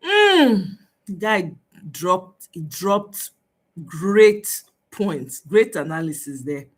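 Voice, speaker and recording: A woman, a channel host giving casual commentary in drawn-out, approving asides. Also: lowish voice, breathy edge.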